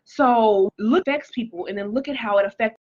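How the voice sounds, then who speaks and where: In a slightly high voice and at a fairly quick pace, a woman casually shares her personal testimony on a livestream, greeting viewers by name. Fillers like "like" and "um" come up often, and the recording's highs are cut off.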